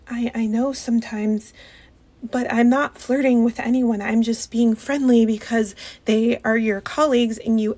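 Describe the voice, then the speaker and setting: A woman's voice: on the high side, darkish tone. A young woman performing a one-sided audio role-play, pleading and hesitant, stammering and often sinking into whispers.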